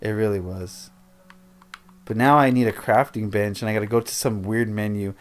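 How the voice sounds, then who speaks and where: A man's voice: on the low side, fairly even intonation, normal speed. A man livestreaming a building game, chatting casually with viewers in a rambling, self-interrupting way. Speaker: streamer.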